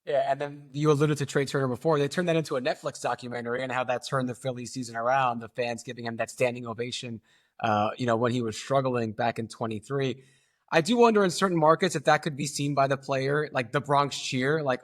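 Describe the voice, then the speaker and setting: A man's voice: medium pitch, fairly quick. A man around forty co-hosting a podcast, thinking aloud with frequent fillers like "like" and "uh". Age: late 30s to early 40s. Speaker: podcast co-host. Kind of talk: casual opinion chat.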